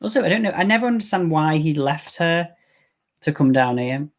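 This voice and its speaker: A man hosting a live movie watch-along, talking in an animated, campy way and laughing a lot. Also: a little high, fairly quick. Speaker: host.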